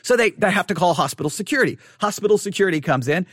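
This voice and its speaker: A middle-aged man telling a story in a casual monologue, animated and acting out what people said, rising toward a shout when exasperated. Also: high-pitched, very fast, no room sound, studio quality. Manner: animated, acts out quotes, rises to near shouting when exasperated.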